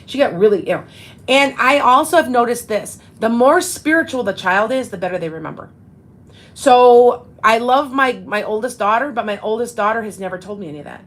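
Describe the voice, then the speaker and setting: A woman's voice: fairly high pitch, animated, a little fast, poor audio. A woman in her fifties, a psychic medium hosting a casual live show, talking in a rambling way with many restarts. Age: 50s. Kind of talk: casual live-stream chat.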